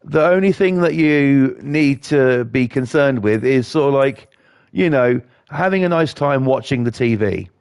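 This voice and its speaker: A man's voice: medium pitch, animated, measured pace, darkish tone, clear, resonant tone, no room sound, studio quality. A man, ranting and swearing in a rambling way while he plays a video game. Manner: profane, rambling, indignant. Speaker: gaming YouTuber.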